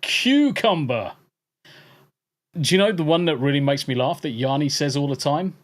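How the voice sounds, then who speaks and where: A man's voice: on the high side, fast. An English man hosting a podcast, bantering with chat and swearing freely. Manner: profane, laughing banter. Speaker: podcast host reading chat. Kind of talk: casual chat.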